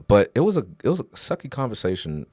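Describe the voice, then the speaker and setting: A man in his thirties co-hosting a podcast, telling candid stories in casual, animated conversation. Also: on the low side, quick pace, breathy edge, dry recording, clean studio sound. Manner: animated storyteller, swears casually. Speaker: podcast co-host.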